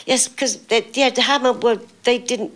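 A woman's voice: on the high side, steady tone, normal speed. An older woman, a guest actress in an on-stage interview, telling chatty anecdotes with laughter.

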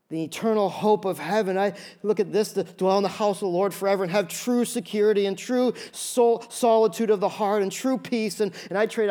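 A male pastor preaching a sermon, telling stories in an animated way with many quick restarts. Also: high-pitched.

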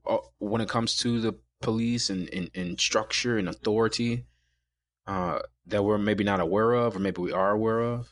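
A young man in his twenties calmly telling a personal story in casual conversation, quoting others as he goes. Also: fairly low pitch, normal speed, no room sound.

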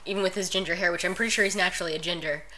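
A woman co-hosting a podcast, chatting casually about movies with sarcastic, deadpan put-downs. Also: fairly low pitch, racing, slight background noise. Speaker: podcast co-host. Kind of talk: casual movie-review chat.

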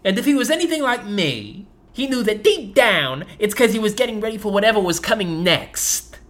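A woman narrating a first-person comic story as a gangster baby, in deadpan tough-guy mobster talk. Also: mid-range voice, moderate pace. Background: soft harp jazz music.

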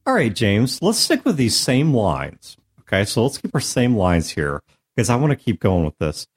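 A man's voice: medium pitch, normal speed, husky. A man hosting a podcast in a recording studio, explaining ideas thoughtfully in a casual way. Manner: thoughtful, explanatory, lively intonation. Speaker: podcast host.

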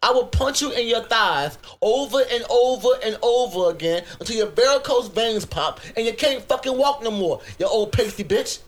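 A young American man with a Virginia accent, co-hosting a crude comedy podcast, telling stories in an animated, profane rant. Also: very high-pitched, normal speed, hardly any pauses. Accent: US Southern, Virginia. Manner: profane, animated storytelling with outbursts. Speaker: podcast co-host.

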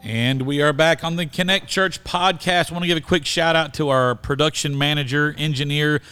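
A man's voice: a little high, steady tone, moderate pace, sharp tone, faint music behind. A man hosting a church podcast in casual, joking chat and often laughing. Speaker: podcast host.

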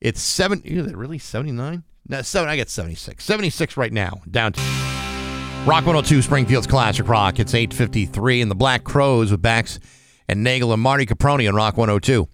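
A man's voice: medium pitch, animated, fairly quick, fairly bright tone, no echo, faint music behind. Easygoing male radio host, dry studio sound. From New England. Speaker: radio morning show host. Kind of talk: casual radio banter.

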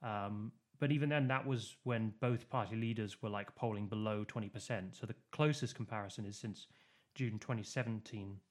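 Speaking at a normal pace in a lowish voice, this podcast co-host talks casually about politics. He explains voting and polls in a loose, rambling style, often restarting and leaning on fillers.

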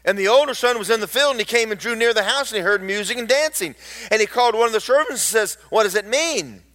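A man preaching a lively, storytelling sermon with mocking asides to the congregation. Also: high voice, fast talker.

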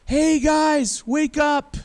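A male preacher acting out a young man who shouts up high, pleading that he is innocent. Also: normal speed, smooth, natural voice. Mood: pleading, defiant. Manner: loud, raised, pleading. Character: young man shouting a defiant plea across a valley.

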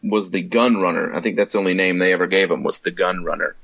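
A man's voice: low voice, steady tone, quick pace, a bit bright, no room sound. A man co-hosting a casual movie review chat, making dry, wry remarks. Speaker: podcast co-host.

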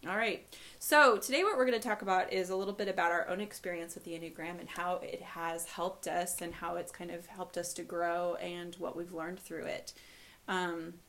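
A woman's voice: on the low side, fairly even intonation, normal speed, fairly bright tone. A woman hosting a podcast in a casual, chatty way. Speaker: podcast host.

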